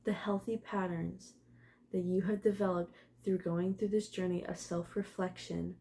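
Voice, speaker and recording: Young woman, gravelly voice, mellow tone, casual card reading, emotional, swears now and then. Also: lowish voice, fairly even intonation, moderate pace, a little hiss or hum. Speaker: tarot reader.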